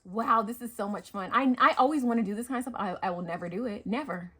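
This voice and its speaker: A woman hosting a craft vlog, unboxing happy mail with excited gasps and gushing chatter. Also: mid-range voice, fast, breathy edge. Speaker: craft channel host.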